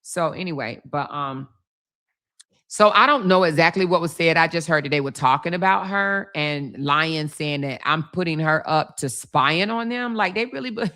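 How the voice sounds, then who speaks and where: Sassy bright-voiced woman chatting on a livestream. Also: on the low side, moderate pace. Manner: sassy, chatty, laughs often, says baby and y'all. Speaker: livestream host. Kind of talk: casual live chat, reading comments.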